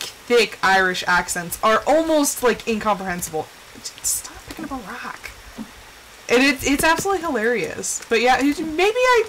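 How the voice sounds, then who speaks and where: This Southwestern US streamer has a mid-range, fairly bright voice as she chats her way through a game, rambling, filling pauses, and muttering to herself. The recording is low quality, with slight background noise.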